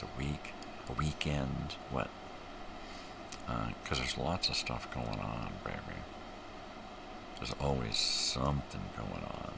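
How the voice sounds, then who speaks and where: A man's voice: rumbling low, vocal fry, heavy background noise. An older man hosting a rambling live morning show from home, joking loosely and chatting to his dog. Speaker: livestream host.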